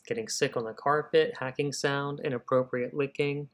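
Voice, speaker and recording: Guy running a live writing stream, chatty, thinks out loud, calls everyone y'all. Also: medium pitch, normal speed. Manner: energetic, thinking aloud, addressing viewers as y'all. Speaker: writer hosting a live writing session. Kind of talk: casual livestream talk.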